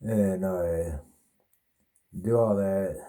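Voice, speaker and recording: Podcast host, man, rambling profane storyteller, very dark, mellow tone, lowish voice. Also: fairly even intonation, very slow. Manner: rambling, heavy swearing. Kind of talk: casual storytelling.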